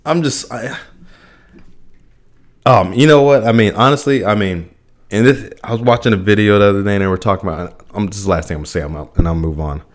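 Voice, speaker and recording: A man's voice: fairly low pitch, fast talker. A young man hosting a solo podcast, ranting with profanity, frequent restarts and bursts of laughter. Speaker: podcast host.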